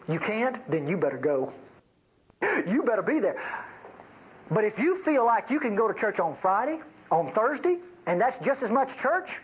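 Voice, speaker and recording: A male preacher delivers a folksy, bantering sermon. His voice rises and falls a lot as he jokes with the congregation. The recording is dull and lo-fi, with faint noise behind. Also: sits high.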